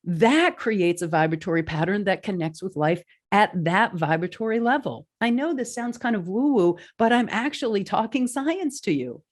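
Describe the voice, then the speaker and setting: A woman hosting a podcast, speaking in an earnest, inspirational monologue with animated storytelling. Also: normal speed, hardly any pauses. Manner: earnest, animated storytelling with lively pitch swings. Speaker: podcast host.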